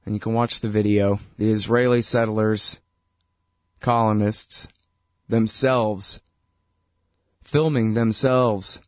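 A man's voice: lowish voice, fairly even intonation, slow pace, long pauses, no room sound. Male talk radio host, blunt and heated, chatty with fillers, dry close sound. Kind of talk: opinionated political commentary.

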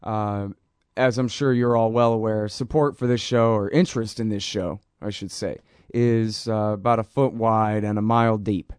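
A man hosting his own radio show, talking bluntly and loosely in slang, often trailing off into low mumbles. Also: fairly even intonation, normal speed, darkish tone, clear, resonant tone, no echo, clean studio sound. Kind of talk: casual talk radio monologue.

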